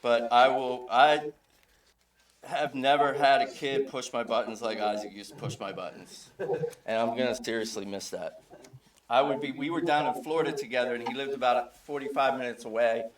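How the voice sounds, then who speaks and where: A middle-aged man, a father giving an informal eulogy at a funeral service, telling relaxed, anecdotal stories and chuckling often. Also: mid-range voice, normal speed, a crowd in the background.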